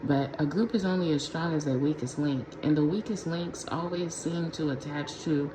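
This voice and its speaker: A woman's voice: sits low, steady tone, normal speed. A woman doing a casual pick-a-pile tarot reading for her viewers, talking in a slangy, profane, conversational way from a room at home. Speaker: tarot reader. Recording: echoey room with clear background noise.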